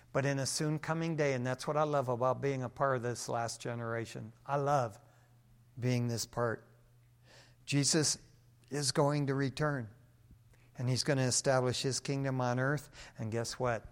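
A man's voice: medium pitch, steady tone, moderate pace. A male pastor preaching a sermon in a casual, slangy, emphatic way.

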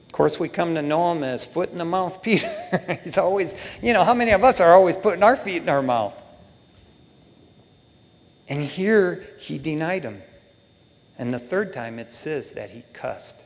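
Male preacher, casual slangy sermon, fairly high voice, long hall reverb. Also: normal speed, long pauses. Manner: casual, slang-filled, animated.

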